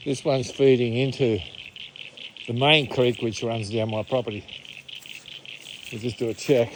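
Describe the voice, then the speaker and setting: Older man, Australian accent, casual walking commentary, slightly out of breath, mid pitch, faint outdoor background noise. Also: flat delivery, measured pace, pauses often, rough recording. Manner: chatty, laid-back, hushed when near wildlife. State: out of breath from a steep climb. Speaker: vlogger on a bush walk. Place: outdoors in the bush.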